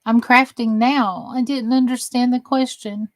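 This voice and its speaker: A woman's voice: on the high side, fairly even intonation, unhurried, no echo. A woman from the American South with a Southern accent, chatting folksily on her crafting live stream and reading comments aloud. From Southern United States. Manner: folksy, chatty, self-deprecating. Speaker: crafting livestream host.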